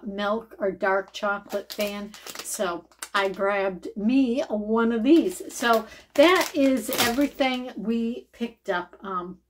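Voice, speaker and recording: A woman's voice: mid-range voice, slight background noise, rough recording. A woman vlogger chatting casually while showing off a shopping haul. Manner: chatty, slow and deliberate when showing items.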